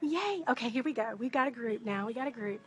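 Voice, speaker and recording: Woman, higher voice, hushed and chatty, live shopping haul in a store, phone mic. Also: steady tone, fast, slight background noise. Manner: hushed, chatty, greets viewers by name. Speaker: wreath maker and business coach. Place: busy indoor craft store.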